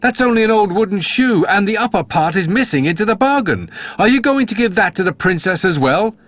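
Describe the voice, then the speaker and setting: A man's voice: high voice, lively intonation, a little fast, fairly bright tone, no echo, pitched above the performer's own voice. Mocking brothers in a fairytale reading, a man doing them raised and sneering. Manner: mocking, scornful. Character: scornful young men, mocking brothers.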